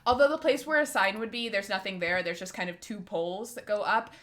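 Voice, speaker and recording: Woman DM, bright tone, chatty rambling scene narration. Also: medium pitch, brisk. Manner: descriptive, rambling, lots of likes and ums. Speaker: dungeon master. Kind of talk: narrating a tabletop game.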